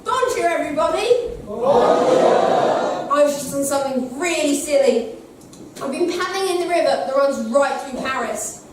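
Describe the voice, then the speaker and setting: A woman's voice: high-pitched, expressive, normal speed, long pauses, background noise. A woman playing a cheeky, cheese-loving comic sidekick, bantering with the audience on a theatre stage, heard from far back in an echoey hall. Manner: chatty audience banter, call and response. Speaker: comic actor. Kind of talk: pantomime stage acting.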